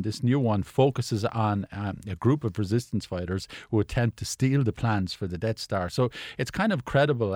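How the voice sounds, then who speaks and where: A man's voice: fairly low pitch, darkish tone, no echo, studio quality. A man, a film critic chatting on radio, stumbling through restarts and fillers as he talks. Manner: hesitant, many restarts and fillers. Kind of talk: casual radio chat.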